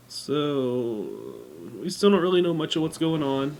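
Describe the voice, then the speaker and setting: A man's voice: a little high, a little slow, a little mellow, slight background noise. A man giving casual gameplay commentary, rambling with lots of fillers and now and then reading game dialogue aloud. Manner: reads game dialogue aloud between remarks. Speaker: let's play gamer.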